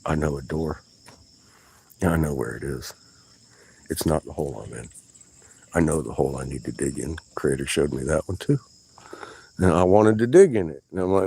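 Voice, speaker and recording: Low-voiced, cursing man vlogging outdoors. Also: animated, moderate pace, vocal fry, long pauses, mellow, slightly rough, rough recording. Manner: profane, agitated, exclaiming. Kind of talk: rambling vlog monologue. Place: outdoors in a yard.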